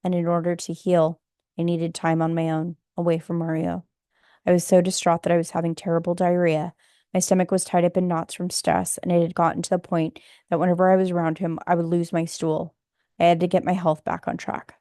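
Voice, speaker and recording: Flat, low-voiced woman reading a memoir. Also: brisk, dry recording, studio quality. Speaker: audiobook narrator.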